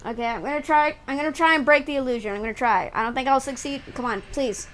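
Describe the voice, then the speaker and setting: A woman's voice: high-pitched, fast talker, a bit bright. A young woman at home giving chatty, giggly live commentary while she plays a game. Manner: giggly, chatty, reacts with bursts of laughter. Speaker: game streamer.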